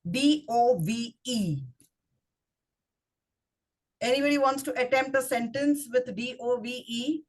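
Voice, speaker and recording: A woman with an Indian English accent walks a speaking club through tricky words. Her voice sits slightly high, and she spells terms out letter by letter before testing the group with questions. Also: a little slow, pauses often. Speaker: grammarian at a speaking club meeting. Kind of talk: instructive club talk.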